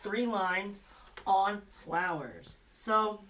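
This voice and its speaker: A man's voice: sits high, very slow, fairly bright tone, a little hiss or hum. A man giving a recorded lesson to children, patient and encouraging, quizzing them with letter hints. His voice sounds a little far from the microphone. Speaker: teacher.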